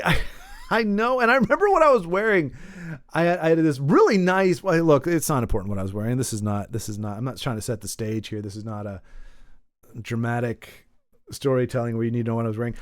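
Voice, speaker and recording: A man's voice: mid-range voice, smooth, no room sound, clean studio sound. A man hosting a comedy podcast, telling rambling stories with self-deprecating asides and lots of trailing off. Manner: pained yelps while wincing. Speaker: podcast host.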